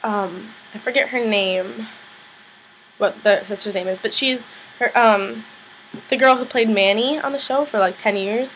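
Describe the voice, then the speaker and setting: A woman's voice: a little high, measured pace, fairly bright tone, slight background noise, low-quality recording. A woman casually recapping a TV episode, rambling with lots of fillers and blunt opinionated asides. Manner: rambling, filler-heavy, chatty.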